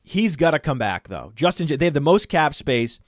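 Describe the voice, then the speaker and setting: A man co-hosting a casual podcast, talking excitedly and rattling off lists of names and numbers, often laughing at himself. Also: on the high side, a little fast, no room sound, clean studio sound. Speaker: podcast co-host.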